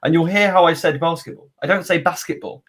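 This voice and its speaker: A man from North Wales hosting a basketball podcast, chatting casually in an animated, teasing way and correcting himself as he goes. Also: on the high side, fast talker. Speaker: podcast host. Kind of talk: casual interview chat.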